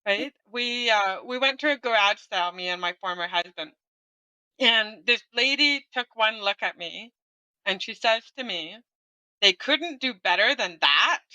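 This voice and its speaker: A woman's voice: medium pitch, normal speed, bright, forceful tone, smooth, no echo, poor audio. A middle-aged woman guest candidly telling her own story in conversation, often ending on a tag question. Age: 40s or older.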